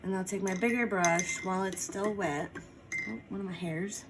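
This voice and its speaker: A painting instructor chats as she works through a casual tutorial, dropping in small apologetic asides. Her lowish voice is animated and moves at a normal speed, with a little hiss or hum behind it.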